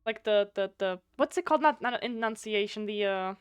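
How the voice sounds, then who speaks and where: A woman whose first language is German, streaming a game live, reading its text aloud and thinking out loud, often stumbling over words and restarting. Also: medium pitch, brisk, clear, resonant tone, no room sound.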